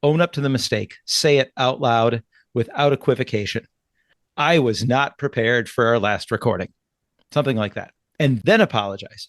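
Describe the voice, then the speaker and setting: Midwestern male podcast co-host, calm and instructive, dry close sound, voice at a middling pitch. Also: moderate pace, dry recording. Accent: Upper Midwest American. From Wisconsin. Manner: calm, instructive, acts out sample phrases. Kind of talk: advice podcast discussion.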